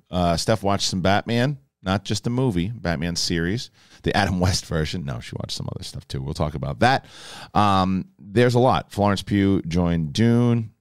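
A man in his thirties hosting a podcast, rambling and animated as he tells stories, with frequent restarts. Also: low-pitched, no echo, clean studio sound. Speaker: podcast host. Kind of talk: casual chat.

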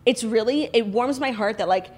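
A woman's voice: on the high side, moderate pace, darkish tone. A young woman co-hosting a podcast, chatting casually with lots of "like" and "um" fillers. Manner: chatty, many likes and ums. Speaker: podcast co-host. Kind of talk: casual chat.

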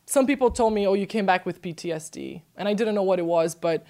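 A young woman from Brazil, a podcast guest, telling a story in casual chat, animated and laughing, acting out quotes in a high voice. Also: quick pace.

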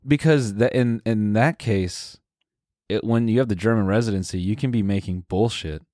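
A man with a very low voice chatting on a podcast, laid-back and loose. He fills his speech with "like" and "you know". The recording is close and dry. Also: normal speed, dark tone, dry recording. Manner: laid-back, uses filler words, says bro and dude. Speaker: podcast co-host. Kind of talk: casual podcast chat.

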